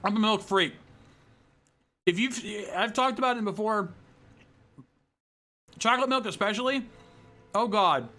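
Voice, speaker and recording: High, bright-voiced man chatting with viewers. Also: moderate pace, pauses often, soft background music. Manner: rambling, loose, full of fillers and restarts. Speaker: livestream host. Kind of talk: casual chat with viewers. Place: home streaming setup with green screen.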